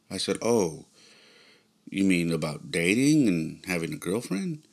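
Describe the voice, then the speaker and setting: A middle-aged man hosting a podcast, telling a personal story in a halting, reflective way with many restarts. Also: low voice, very animated. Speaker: podcast host.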